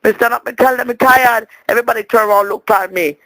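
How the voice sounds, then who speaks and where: A man's voice: very high-pitched, quick pace, bright, forceful tone, dry recording, full character voice, rough recording. A man voicing a chatty, indignant Jamaican woman leaving a voicemail, rambling and stammering as she complains. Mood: exasperated. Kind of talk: comic monologue as a voicemail.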